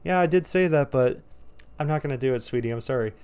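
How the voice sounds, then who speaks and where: A man's voice: mid-range voice, darkish tone, smooth, pitched above the performer's own voice, natural voice. A man putting on the voice of a campy, teasing middle-aged man in a told story. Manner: effeminate, sly, drawn-out teasing.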